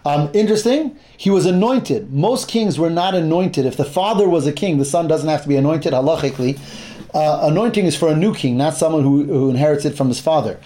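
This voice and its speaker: A man's voice: fairly high pitch, lively intonation, fairly quick, mellow. A man teaching a Bible class, explaining verses step by step, often restarting his phrases and mixing in Hebrew terms.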